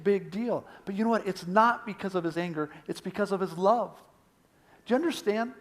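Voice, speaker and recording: A male pastor delivering a sermon with a somewhat high voice. He is earnest and pleading, pushing hard on key points before dropping to a hush. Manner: earnest, swings from emphatic to hushed.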